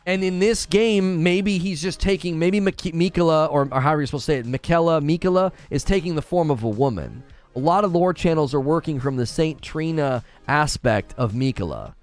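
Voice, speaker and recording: A man hosting a gaming channel, chatting casually with a live audience in an animated, ranting way and stumbling over hard names. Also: on the high side, brisk, soft background music. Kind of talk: casual live-stream chat, reading viewer comments.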